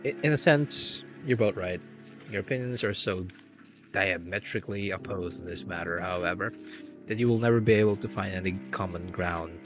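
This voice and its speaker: Young male streamer, low voice, reads game text with dry slangy quips over clear music. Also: moderate pace. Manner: wry slangy asides between narration.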